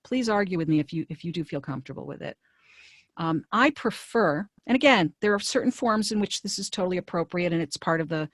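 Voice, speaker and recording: A woman career coach talks through a webinar on a computer mic. Her voice sits low and sounds close and dry. She speaks briskly and conversationally, with plenty of fillers and restarts. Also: no echo. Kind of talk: webinar presentation.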